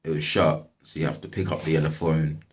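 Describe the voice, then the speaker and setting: A man's voice: a bass voice, flat delivery, a little fast. A young man casually telling a story from his life, slangy and swearing often. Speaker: vlogger.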